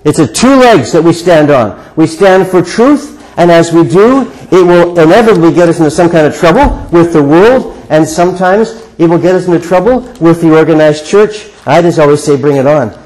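An older man delivers a sermon in a slightly higher-pitched voice. His preaching is earnest and conversational and leans on repeated rhetorical questions. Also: animated, moderate pace, hardly any pauses, darkish tone, low-quality recording. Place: church sanctuary before a congregation.

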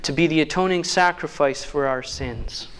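A man with a fairly high voice preaching a sermon. He reads scripture in slow, weighty phrases and then slips into easy, joking asides. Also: clear, resonant tone. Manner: reads scripture slowly, then jokes warmly with the crowd.

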